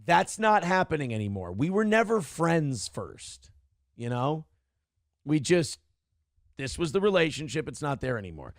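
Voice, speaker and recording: A man's voice: a little high, very animated, moderate pace, dry recording, clean studio sound. A middle-aged man hosting a livestream, talking candidly and rambling, reading viewer messages aloud. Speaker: streamer host. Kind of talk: casual livestream chat.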